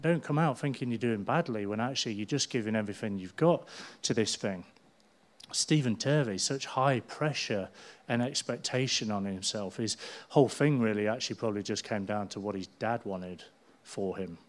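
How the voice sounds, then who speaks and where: A middle-aged man, preaching a sermon as a pastor in a lively storytelling manner. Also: fairly low pitch. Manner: animated storytelling, acting out people's voices.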